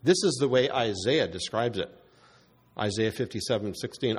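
An emphatic male preacher walks through scripture verse by verse in a teacherly way. He slows down to stress key words and swings from loud declarations to softer asides. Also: on the low side, sing-song. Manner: teacherly, cites verses and asks rhetorical questions. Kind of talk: expository sermon.

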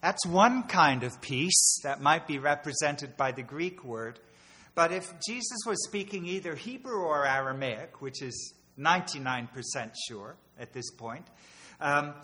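A man preaching a sermon in an earnest, explanatory way, often pausing and restarting his phrases. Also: fairly high pitch, expressive, sharp tone, breathy edge. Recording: reverberant hall.

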